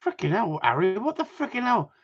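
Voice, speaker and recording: A man's voice: high voice, very animated, a little fast, slightly rough. Man, middle-aged, sweary live stream host, bouncy delivery, muffled recording. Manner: swears a lot, laughs often, chatty. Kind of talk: casual chat with viewers. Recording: dull lo-fi sound.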